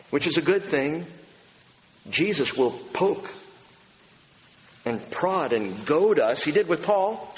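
A man's voice: on the high side, a little hiss or hum. A male pastor delivering a conversational sermon to a congregation, now and then acting out quoted voices. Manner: conversational preaching with acted-out quotes. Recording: echoey hall recording with faint ambience.

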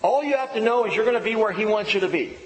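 A man's voice: high-pitched, animated, fast. A middle-aged man preaching a sermon as pastor, emphatic and repeating key phrases. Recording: echoey hall with faint ambience.

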